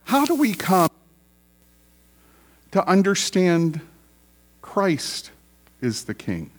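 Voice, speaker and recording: A man's voice: high voice, huge pitch swings, extremely slow. A male pastor preaching a sermon in a conversational, storytelling way, repeating key phrases for emphasis.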